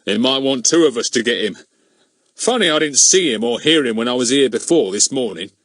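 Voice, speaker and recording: A man's voice: medium pitch, animated, a little fast, a bit bright, dry recording, studio quality. A man reading an audiobook voices a pompous village policeman who blusters and gets easily frightened. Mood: blustering.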